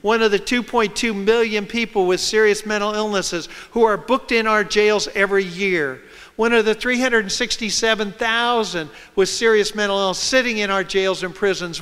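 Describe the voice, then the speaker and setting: A man's voice: high-pitched, moderate pace, a bit bright, smooth. A man giving a public talk, telling a personal story and acting out the voices of the people in it. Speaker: speaker. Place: large hall with audience. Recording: long hall reverb.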